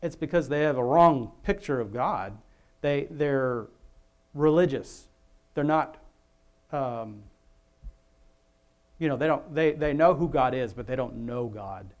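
A man's voice: mid-range voice, slow pace, pauses often, darkish tone. Rambling, chatty male pastor. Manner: chatty, self-interrupting, many restarts and asides. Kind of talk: rambling informal sermon.

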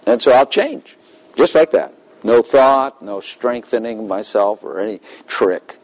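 A man's voice: medium pitch, a little slow, darkish tone, rough recording. A middle-aged man giving a conversational sermon, laughing often and acting out little dialogues with God. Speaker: preacher.

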